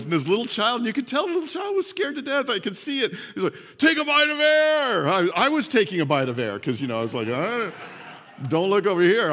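A pastor delivers a sermon, telling a story with lots of animation and acting out its voices himself. His voice sits a little high, and the sound carries the feel of a big room.

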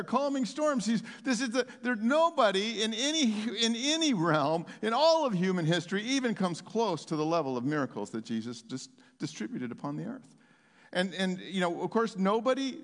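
High, animated man preaching in a reverberant church. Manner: exuberant, animated, laughs often, rambling asides. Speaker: pastor. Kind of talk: sermon. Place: church sanctuary. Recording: long hall reverb.

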